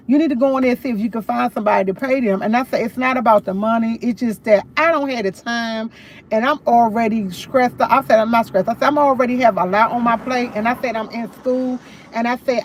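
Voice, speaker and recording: A woman's voice: on the high side, slight background noise. A woman livestreaming, retelling a conversation in a casual, emphatic way. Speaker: livestream host.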